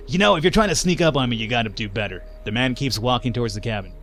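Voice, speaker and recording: A man's voice: medium pitch, expressive, fast talker, few pauses, fairly bright tone. A young man hosting a let's play, chatting and joking casually as he plays, with the odd swear word. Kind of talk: casual gameplay commentary.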